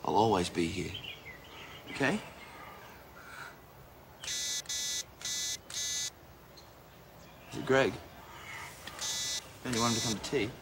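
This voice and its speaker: Easygoing son. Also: male voice, medium pitch, wildly swooping pitch, measured pace, pauses often, background noise. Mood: soothing, then pleading. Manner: chatty, gently coaxing, laughs often. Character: easygoing young man, devoted son. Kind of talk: film acting.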